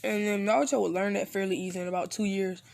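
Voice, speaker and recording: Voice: mid-range voice, flat delivery, fast, gravelly, darkish tone. Rambling, casual fan story narrator. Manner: rambling, full of fillers and restarts.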